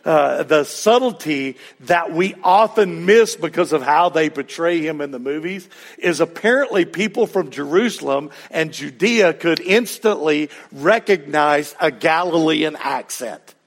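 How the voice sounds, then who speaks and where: A pastor preaching a sermon in a conversational way, with asides and questions to the congregation. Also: male voice, on the high side, measured pace.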